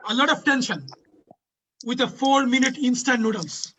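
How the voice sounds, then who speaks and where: A man's voice: extremely high pitch, animated, moderate pace, pushed and bright, slight background noise. A man hosting a community panel, giving an emotional speech and repeating lines for emphasis. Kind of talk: impassioned advocacy speech. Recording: dull lo-fi audio.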